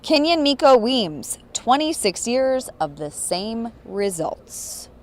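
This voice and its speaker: A female sports reporter in a casual post-game chat, reading viewer comments aloud with brisk, wry remarks, recorded outdoors at a football stadium. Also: on the high side, very animated. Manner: brisk, wry, quick to agree.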